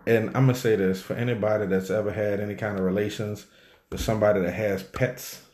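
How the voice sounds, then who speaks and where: A man co-hosting a casual chat, animated and joking, full of slang and drawn-out fillers. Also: on the low side. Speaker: podcast co-host. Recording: roomy echo.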